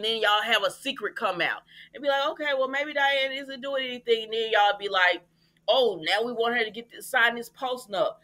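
Bright-voiced woman recapping. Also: on the high side. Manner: chatty, exasperated asides to viewers. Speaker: soap opera recap host. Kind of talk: casual recap monologue.

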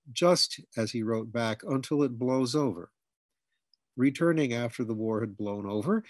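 A man reading a humorous memoir aloud with dry, measured storytelling. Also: mid-range voice, a little mellow, husky, no room sound. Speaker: audiobook reader.

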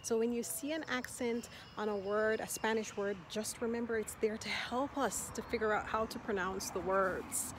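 A woman's voice: a little high, fairly even intonation. Upbeat woman teaching Spanish outdoors. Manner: slow, careful, repeats each word. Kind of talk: language lesson. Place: outdoors in a city park. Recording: outdoor noise, birds and traffic.

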